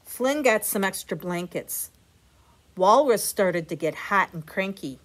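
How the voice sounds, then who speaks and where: A woman reading a bedtime picture book aloud to children, adding gentle, chatty asides. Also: mid-range voice, animated, unhurried. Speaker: storyteller, teacher.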